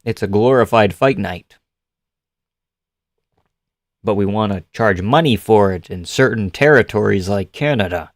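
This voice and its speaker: A man's voice: lowish voice, a little slow, pauses often, no room sound, clean studio sound. Profane, rambling male streamer. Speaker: live streamer. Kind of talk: casual chat reacting to chat.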